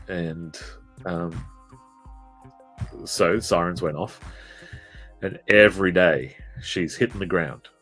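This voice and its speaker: A man with a very low voice tells stories slowly on a live drawing stream. He rambles with plenty of ums and pokes fun at himself, and faint music plays in the background. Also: a bit bright. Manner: self-deprecating, rambling, lots of fillers. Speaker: streamer and artist. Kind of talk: casual storytelling on a live stream.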